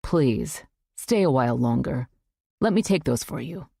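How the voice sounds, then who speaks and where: Audiobook: woman reader doing a nervous, imploring middle-aged father; low, husky, unhurried. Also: expressive, warm tone, no echo, heavily acted. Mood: pleading.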